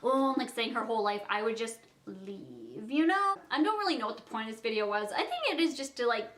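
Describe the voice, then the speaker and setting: A woman's voice: fairly high pitch, sing-song, quick pace, a bit bright. A young woman from Canada, telling a story in a casual vlog and filling her speech with "like". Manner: chatty, fills speech with "like". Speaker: vlogger.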